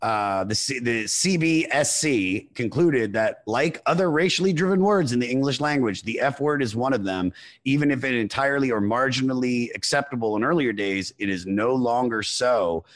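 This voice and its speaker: A man's voice: medium pitch, normal speed. A man co-hosting a podcast, chatting casually and reading facts aloud from notes, with many ums and uhs. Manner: relaxed, reads notes with fillers. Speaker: podcast co-host.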